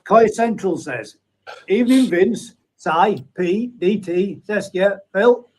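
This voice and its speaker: A man hosts a relaxed live chat and reads out viewer comments. His speaking voice sits fairly high for a man. He keeps up an easy, bantering flow with his guests. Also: takes it slowly, poor audio. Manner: chatty, banters and reads names aloud. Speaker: host of a live pond chat stream.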